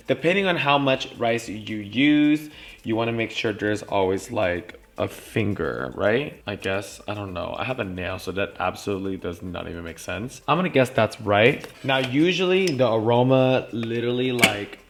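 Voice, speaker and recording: A man hosts a casual cooking vlog from his home kitchen, talking in a sassy, profane, chatty way. His voice is bright and forward. The kitchen sounds echoey, with a faint hiss of noise behind him. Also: mid-range voice. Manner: sassy, profane, chatty, says "like" and "literally" a lot. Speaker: vlogger cooking on camera.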